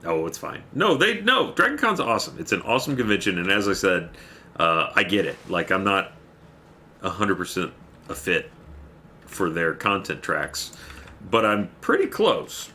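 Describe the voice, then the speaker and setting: Very deep, forceful male streamer. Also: big pitch swings, moderate pace, slight background noise. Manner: rambling, thanks viewers by name between gameplay remarks. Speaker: livestreamer. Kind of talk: casual chat while playing a game.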